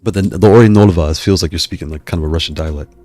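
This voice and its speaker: A man's voice: sits low, very fast, warm tone, soft background music. A man hosting a live stream, chatting casually with viewers in a rambling way, often stopping himself mid-sentence. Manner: rambling, self-interrupting, digressive. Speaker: YouTube host reading live chat.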